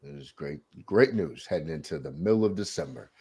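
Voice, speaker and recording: A man's voice: low voice, a little fast, slightly rough. A man hosting a sports podcast, opening with showman hype and then chatting casually. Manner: hype showman intro, animated. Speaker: podcast host.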